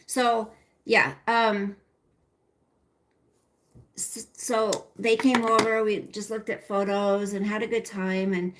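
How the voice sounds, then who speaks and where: A middle-aged woman hosts a casual livestream, speaking slowly in a level, mid-range voice and pausing often. She rambles and chats, addressing viewers by name and reading out their comments.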